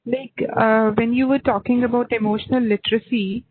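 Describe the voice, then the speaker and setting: Woman, workshop participant, halting, tinny call audio. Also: on the high side, fairly even intonation, slight background noise. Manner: hesitant, halting with fillers. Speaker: participant asking a question. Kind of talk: question over a video call. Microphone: video call.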